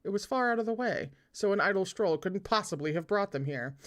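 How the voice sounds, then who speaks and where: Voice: medium pitch, expressive, a little fast, fairly bright tone. Read-along host with chatty asides. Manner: chatty asides, laughs at the text. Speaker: host reading a novel aloud. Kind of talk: read-aloud narration with commentary.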